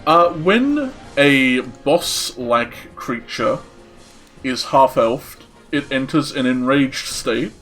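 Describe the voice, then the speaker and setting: A man running a tabletop game as dungeon master, laughing often and pausing on fillers as he narrates. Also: medium pitch, animated, a bit bright, faint music behind.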